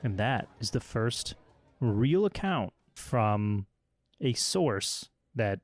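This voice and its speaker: A man's voice: on the low side, big pitch swings, drawn-out words, no room sound, faint music behind. A man in his thirties co-hosting a podcast, reading a dramatic story aloud with sarcastic asides. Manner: jokey, reads dramatic text with sarcastic asides. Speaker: podcast co-host. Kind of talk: casual chat and storytelling.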